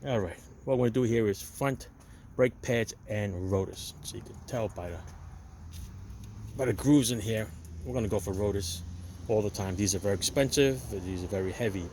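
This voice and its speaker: He has a lowish, darkish voice at normal speed, with a little hiss or hum in the audio. As host of a DIY car repair channel, he works on a parked car outdoors, chats casually, calls his viewers "people" and doesn't soften his opinionated advice.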